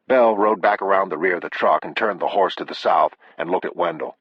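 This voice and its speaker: A man narrating an audiobook in a measured, unhurried reading. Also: low voice, slightly rough, no room sound. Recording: dull, dry lo-fi audio.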